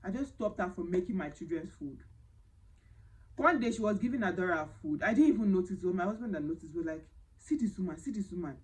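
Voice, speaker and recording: A woman with a Nigerian accent telling a personal story to camera, animated and dramatic, slipping into Pidgin phrases. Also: on the low side, brisk, rough recording. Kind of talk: casual storytime.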